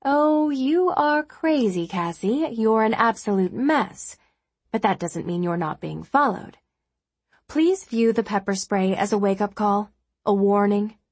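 A woman voicing a blunt, sharp-tongued woman lawyer in a storybook reading, frank and scolding. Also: mid-range voice, expressive, unhurried, slightly rough, no room sound.

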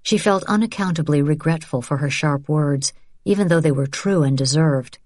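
A woman reading a novel aloud as narrator in a measured, even way. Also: deep voice, no echo, studio quality. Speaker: audiobook narrator. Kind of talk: scripted narration.

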